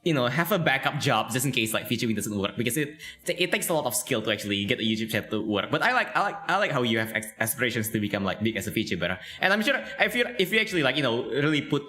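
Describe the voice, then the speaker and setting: Lively, laughing young male interviewer. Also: mid-range voice, fast, soft background music. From Malaysia. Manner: chatty, laughs often, many fillers. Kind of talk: casual video-call chat.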